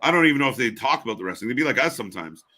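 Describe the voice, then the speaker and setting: Opinionated dude on a wrestling stream, bright sharp voice, says it straight. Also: male voice, mid-range voice, big pitch swings, very fast. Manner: opinionated, blunt, swears. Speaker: co-host. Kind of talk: casual live wrestling commentary.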